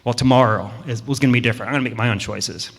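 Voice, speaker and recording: A man's voice: medium pitch, rapid-fire, gravelly, breathy edge. Grumbling apple farmer, a man doing the voice. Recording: long hall reverb.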